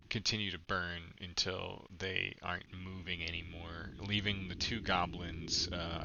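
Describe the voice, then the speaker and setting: Deep slow guy running a tabletop game, lots of ums, dull noisy mic. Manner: slow, hesitant with many ums. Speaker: game master.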